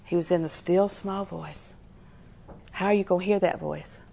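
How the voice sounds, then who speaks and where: A woman's voice: lowish voice, fairly even intonation, normal speed, gravelly, dark tone. A middle-aged woman, preaching a sermon in a folksy, storytelling way with lots of repetition.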